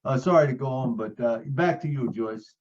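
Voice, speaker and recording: A man's voice: mid-range voice, moderate pace, a little mellow, highs cut off, a little hiss or hum. A man sharing a personal story on a video call, earnest, repeating phrases, with many fillers. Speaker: support group member.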